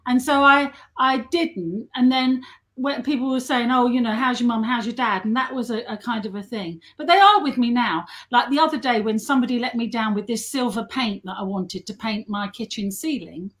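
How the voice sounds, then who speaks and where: A middle-aged woman telling self-mocking anecdotes in a casual chat, chatty and quick to laugh. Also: a little high, a bit bright. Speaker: guest and model.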